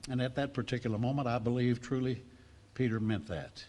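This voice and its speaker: A man's voice: mid-range voice, a little fast. A man preaching a sermon to a class, telling stories and acting out the voices in the quotes. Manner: lively storytelling preacher, acts out voices in quotes.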